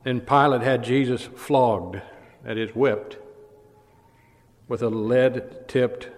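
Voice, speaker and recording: A man preaching a sermon, retelling scripture dramatically and swinging between loud and hushed passages. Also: medium pitch, steady tone, slow pace. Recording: long hall reverb.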